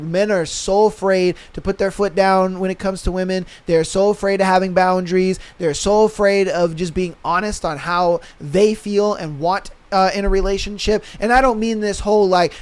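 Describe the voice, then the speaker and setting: A man's voice: high voice, smooth. A young man hosting a podcast, ranting bluntly in casual slang and profanity, often acting out what others say. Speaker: podcast host. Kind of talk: casual opinion rant.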